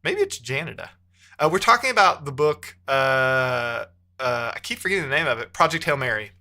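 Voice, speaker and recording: A man's voice: medium pitch, lively intonation, moderate pace, bright, forceful tone. A man chatting casually on a live stream while he codes, thinking aloud and muttering between bursts of talk to his chat, with keyboard typing behind him.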